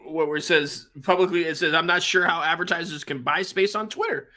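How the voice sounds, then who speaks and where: A man's voice: fairly high pitch, fairly quick, sharp tone. A man co-hosting a podcast, cracking goofy, crude jokes in casual banter. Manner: joking, laughing, goofy. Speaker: podcast co-host.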